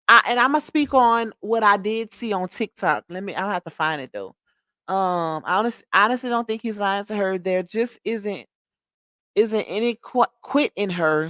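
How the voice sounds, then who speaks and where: Medium in pitch with a fairly bright tone, a woman's voice comes through clean studio sound without echo. She's running a laid-back gossip stream, reading comments aloud, answering with emphasis and repetition, and calling viewers "y'all" and "child."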